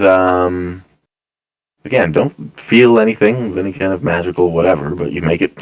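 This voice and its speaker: A man running a tabletop game as game master, narrating in a casual, halting way with many fillers. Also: low-pitched, poor audio.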